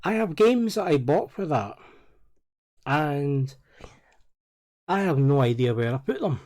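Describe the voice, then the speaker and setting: A Scottish man with a slightly raised pitch, trading playful jabs with a friend. His talk is loose and casual, full of teasing and restarts. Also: expressive, unhurried, darkish tone. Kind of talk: casual chat.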